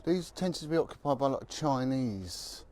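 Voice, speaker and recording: A man's voice: medium pitch, expressive, moderate pace, a little mellow. A man who is a former police officer, telling stories bluntly and with emphasis as he walks down a city street. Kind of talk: walking vlog monologue.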